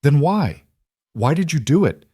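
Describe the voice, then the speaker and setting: A man reading a story voices a frightened young frontier mother who talks in a sharp, shaky, pleading way. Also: on the high side, sing-song, a little slow, slightly rough, no echo, clean studio sound, pitched above the performer's own voice, full character voice. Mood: accusing.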